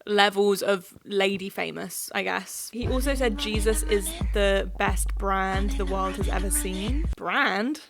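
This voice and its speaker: A woman's voice: mid-range voice, measured pace, creaky, few pauses, over music. A young woman casually recapping a TV series, sarcastic and laughing often. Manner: chatty, sarcastic, laughs often, acts out quotes. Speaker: YouTube host recapping a TV series. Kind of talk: casual chat.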